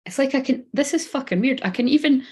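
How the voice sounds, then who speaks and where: A woman's voice: high-pitched, expressive, fast talker, darkish tone, husky. A woman in her thirties giving a live-streamed card reading, rambling, swearing casually and talking straight to her viewers. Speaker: spiritual reader.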